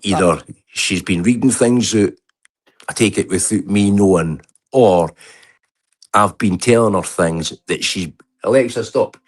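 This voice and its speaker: On a video call as a livestream guest, a man with a lowish voice speaks unhurriedly while telling an angry, heated story. The casual rant is full of swearing and restarts.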